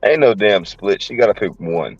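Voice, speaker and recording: A man's voice: lowish voice, lively intonation, normal speed, husky, dry recording, dull audio, faint music behind. A man hosting a casual sports debate podcast, blunt and profane as he steers the talk. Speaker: podcast host.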